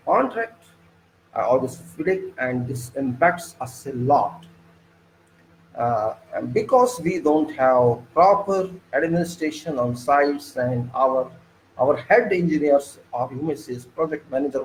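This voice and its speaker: A middle-aged man with an Indian English accent delivers an informal engineering lecture in a fairly high voice. He talks emphatically and indignantly, with his pitch leaping up on key points. The room around him sounds echoey. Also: a little hiss or hum.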